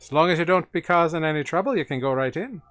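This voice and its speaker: A woman's voice: low voice, lively intonation, fast talker, no room sound. A man voicing a big, easygoing half-orc woman bouncer in a folksy put-on accent that keeps slipping. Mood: cheerful.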